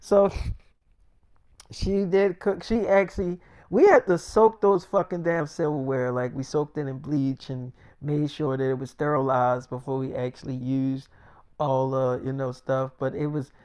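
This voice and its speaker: A man recounting a story in a loose, rambling way, full of fillers and swearing. His voice sits at an ordinary pitch for a man. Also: flat delivery, a little slow, a little mellow, smooth. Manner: rambling, with many fillers and profanity. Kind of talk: casual storytelling.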